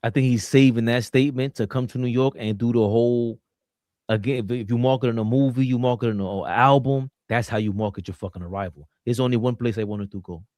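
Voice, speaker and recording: A man's voice: mid-range voice, fairly even intonation, a little fast, a little mellow, no room sound, studio quality. A man hosting a casual sports podcast, brash and swearing, laughing often as he reads viewer messages. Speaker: podcast host.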